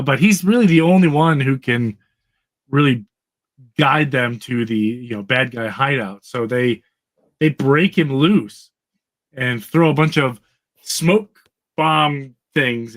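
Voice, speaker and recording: A man casually recapping an old comic book on a podcast, rambling with fillers and laughing as he goes. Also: mid-range voice. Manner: rambling, laughing, acts out characters' lines. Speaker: podcast co-host.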